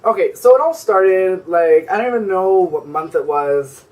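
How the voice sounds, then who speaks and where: A man's voice: high voice, lively intonation, normal speed, darkish tone, far from the mic, rough recording. Sassy, profane young man ranting. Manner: sassy, profane, rambling with constant "like". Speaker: vlogger. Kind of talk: story time vlog.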